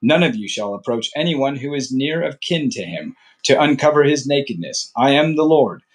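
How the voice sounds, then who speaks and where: A man reads scripture aloud at a steady, even pace, his voice sitting at an ordinary middle pitch. He trips over a word now and then and starts the phrase again. Between passages he drops into loose, casual asides. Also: moderate pace. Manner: steady reading with occasional slips and restarts. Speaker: Bible reader.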